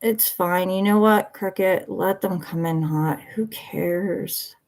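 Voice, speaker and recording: A woman's voice: on the low side, slow, a little mellow. A worn-out woman ranting defensively on a livestream, blunt and swearing, repeating herself as she answers viewers. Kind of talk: heated livestream rant.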